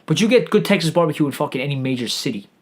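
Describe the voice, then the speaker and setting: A man's voice: on the high side, expressive, racing. A man holds forth alone on his podcast, talking in loose, profane tangents. He stumbles over his words and restarts his sentences again and again as he goes. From New York. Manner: rambling, profane, lots of restarts and stammering. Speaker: podcast host. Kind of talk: rambling profane monologue.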